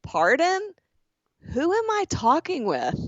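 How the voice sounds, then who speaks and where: A woman doing a halting texter with broken English. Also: high-pitched, huge pitch swings, dry recording, highs cut off, voice pushed up, full character voice. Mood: chatty. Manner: halting, broken, formal phrasing.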